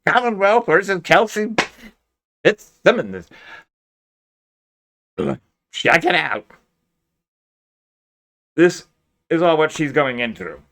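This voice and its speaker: A man's voice: fairly high pitch, very animated, slow pace, pauses often, fairly bright tone. A man giving sarcastic, incredulous commentary on a crime case, talking close to a mic. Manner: sarcastic, incredulous, laughs often. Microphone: close mic, peaking.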